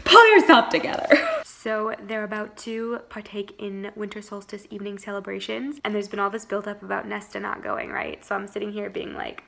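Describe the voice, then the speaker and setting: Young woman book vlogger, excitable casual chat, giggly, heavy "like" filler, average pitch. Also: brisk, gravelly, hardly any pauses. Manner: gushing, laughs often, says "like" constantly. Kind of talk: casual chat reading vlog.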